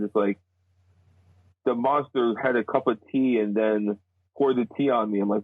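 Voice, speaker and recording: A man's voice: on the low side, moderate pace, no echo. Joking man, tinny phone-like sound. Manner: joking, teasing. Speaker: podcast co-host. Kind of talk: casual chat.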